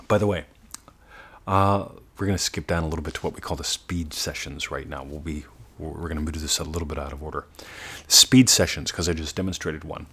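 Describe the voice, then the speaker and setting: Man, very low voice, husky, earnest coach, slows and softens to demonstrate. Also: steady tone. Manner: earnest coaching, drops to slow, soft demonstrations. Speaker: manifestation coach. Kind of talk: motivational teaching talk.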